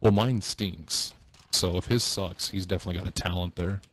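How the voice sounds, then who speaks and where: A man with a deep voice bantering casually with friends in a game chat, joking and laid-back. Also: fairly even intonation, normal speed. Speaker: teammate in voice chat.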